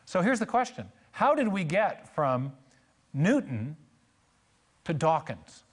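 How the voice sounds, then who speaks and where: A man's voice: on the high side, big pitch swings, slow pace. A man giving a church lecture on science and faith, telling stories with emphatic repetition and joking asides.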